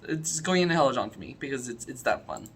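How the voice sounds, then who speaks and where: A man's voice: medium pitch, sing-song, quick pace, slightly rough. A man casually reviewing episodes of a podcast, enthusiastic and rambling, full of fillers and restarts.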